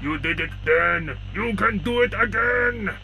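A man's voice: fairly high pitch, a little slow, bright, forceful tone, soft background music. A man voicing a dry-witted male robot companion in a storybook tale, with matter-of-fact quips. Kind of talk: storybook character voice.

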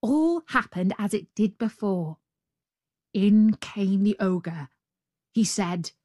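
A woman reading a fairy tale aloud, slow and rhythmic, building up her repetitions. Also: mid-range voice, lively intonation, darkish tone, dry recording, clean studio sound. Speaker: storyteller.

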